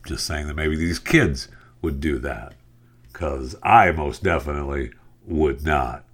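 Deep male talk-radio host, loose and rambling. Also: measured pace. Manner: relaxed, rambling, frequent fillers. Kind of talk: casual talk, telling a joke.

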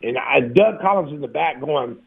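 A man in his fifties, a former pro basketball player, telling profane, animated stories in an interview with frequent laughs over a phone-like line. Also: fairly high pitch, normal speed, creaky, slightly rough. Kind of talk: casual storytelling interview.

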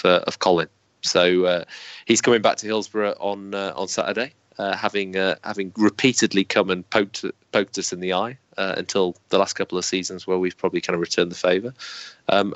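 Halting low-voiced football guest. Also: male voice, fairly bright tone, no room sound. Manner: hesitant, many ums and restarts. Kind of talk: casual football preview chat. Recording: dry, dull lo-fi sound.

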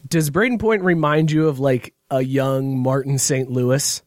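A man's voice: medium pitch, fairly even intonation, unhurried, no echo. A man hosting a casual sports podcast, joking and laughing often, also reading ads. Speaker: podcast host. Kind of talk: casual chat and ad read.

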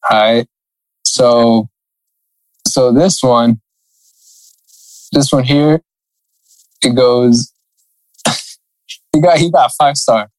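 A man's voice: medium pitch, steady tone, drawn-out words, long pauses, no room sound, poor audio. A man casually chatting on a podcast, reading funny reviews aloud with lots of laughing and swearing. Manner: laughs often, swears freely, sing-song reading. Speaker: podcast co-host.

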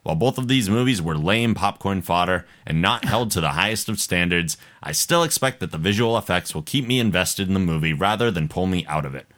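A man's voice: low voice, animated, a little fast, few pauses, a bit bright. A man hosting a casual podcast, reading a listener's email aloud, laughing often and stumbling over hard words. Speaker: podcast host.

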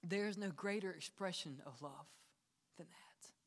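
High-voiced preacher with hushed, dramatic delivery. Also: male voice, a little slow, big-room sound. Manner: dramatic, drops to hushed whispers and rises to emphatic peaks; addresses the congregation directly. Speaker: pastor. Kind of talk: sermon. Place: church sanctuary.

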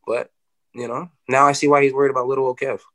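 Fast-talking fighter telling a story. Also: male voice, medium pitch. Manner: animated, swearing, lots of "you know". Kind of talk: casual interview storytelling.

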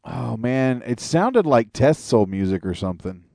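Man co-hosting a podcast, profane and animated, dry close sound. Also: medium pitch, unhurried, vocal fry, no echo. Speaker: podcast co-host. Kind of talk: casual podcast chat.

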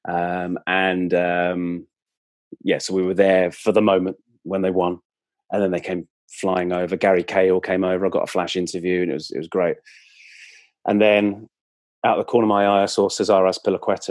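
A man's voice: deep voice, no room sound. A man, a club presenter telling anecdotes as a guest in casual chat, with many fillers and restarts. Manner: warm storyteller, frequent fillers and restarts.

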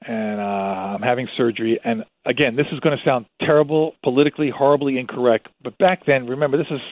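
Fast-talking man on a tinny line. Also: medium pitch, no echo. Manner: rambling, animated, with frequent restarts. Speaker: zoo worker telling stories as a guest. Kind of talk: casual anecdotal storytelling. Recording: tinny dry phone-like line.

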